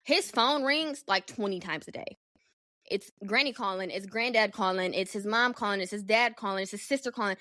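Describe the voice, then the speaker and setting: A young adult woman hosting a solo podcast, telling a personal story in a candid, animated, profane way. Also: medium pitch, normal speed, no echo, clean studio sound. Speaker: podcast host.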